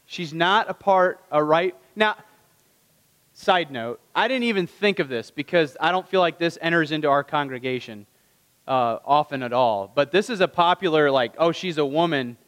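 A man's voice: fairly high pitch, animated, normal speed, a bit bright, clean tone, big-room sound. A man preaching a conversational sermon, asking the listeners rhetorical questions and acting out the lines of the people in the story. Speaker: pastor.

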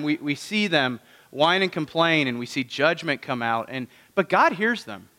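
A man's voice: a little high, animated, moderate pace, sharp tone, in a large hall. A man preaching a conversational sermon. He keeps asking the congregation rhetorical questions. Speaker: pastor.

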